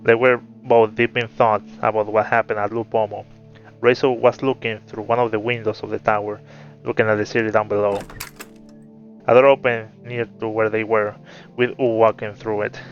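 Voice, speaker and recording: A man reading a fantasy story aloud in a steady narrating voice, in a muffled recording. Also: on the low side. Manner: steady narration, laughs between chapters. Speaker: story reader. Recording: muffled with faint music.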